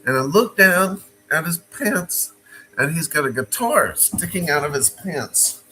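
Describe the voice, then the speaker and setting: A man casually telling a personal story, animated and repeating himself, with frequent stops and restarts. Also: a little high, unhurried, poor audio.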